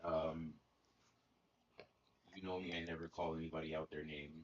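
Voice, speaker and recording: A man on a casual talk stream, telling a story in a laid-back, drawn-out way with lots of fillers. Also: extremely low pitch, flat delivery, slightly rough, lo-fi sound. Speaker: co-host.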